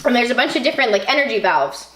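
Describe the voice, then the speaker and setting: A woman's voice: fairly high pitch, animated, racing, bright, forceful tone. A young woman, a musician guest on a podcast, rambling through a dreamy story with casual swearing. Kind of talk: casual chat. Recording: echoey room.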